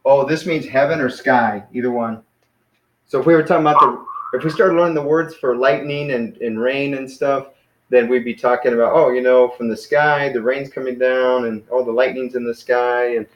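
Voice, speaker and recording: A man's voice: medium pitch, echoey room, highs cut off. A man casually teaching Greek pronunciation to a class, hesitant and self-correcting as he explains. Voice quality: hesitant, many fillers and restarts, self-correcting.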